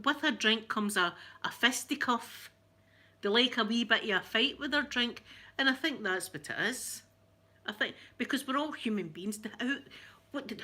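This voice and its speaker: A woman's voice: on the high side, sharp tone. A middle-aged Scottish woman hosting a casual livestream, rambling chattily, laughing often and greeting viewers by name. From Scotland. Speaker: livestream host. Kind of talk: casual live-chat rant.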